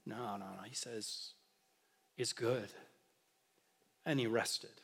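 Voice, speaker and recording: A man giving a conversational sermon, slowing down for emphasis at key phrases. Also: on the low side, gravelly, husky, big-room sound. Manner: conversational, animated preaching with emphatic slow phrases. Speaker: pastor.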